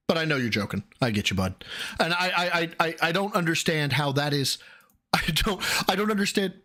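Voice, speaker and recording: A man with a Midwestern American accent reacting to a clip on his live stream, swearing and exasperated, his voice jumping high. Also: lively intonation, brisk, sharp tone. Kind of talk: casual live-stream commentary.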